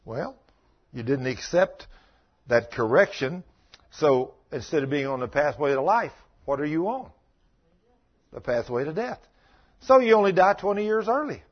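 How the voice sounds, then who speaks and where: A man's voice: fairly high pitch, lively intonation, moderate pace, long pauses, breathy edge, dull audio. A man preaching a sermon as pastor, telling folksy stories and building to emphatic scolding.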